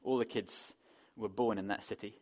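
An English man preaches a sermon conversationally, often putting rhetorical questions to his congregation. His lowish, slightly mellow voice moves at normal speed with fairly even intonation, captured on a dull lo-fi recording.

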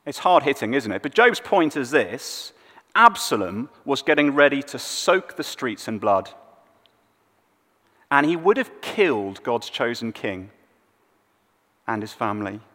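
A male preacher giving a sermon, telling the story expressively and dropping soft on the sad moments. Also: mid-range voice, sing-song, a little slow, long pauses. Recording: long hall reverb.

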